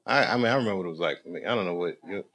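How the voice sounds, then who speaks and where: A man's voice: low voice, racing, a bit bright. A man doing stand-up crowd work on a comedy club stage, telling loose stories with lots of laughter and swearing. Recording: live club recording with crowd noise.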